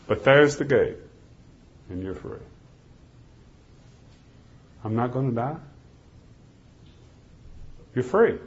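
Preacher swinging from loud to hushed. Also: male voice, medium pitch, animated, takes it slowly, long pauses. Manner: swings from loud pleading to hushed near-whispers while telling a story. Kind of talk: sermon with dramatic storytelling. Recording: dull lo-fi recording.

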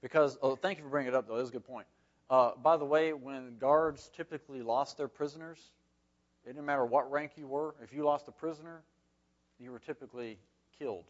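A man's voice: medium pitch, steady tone, fairly quick, muffled recording. A man leading a Bible study class, reading scripture aloud and explaining it in a folksy, conversational way with frequent asides.

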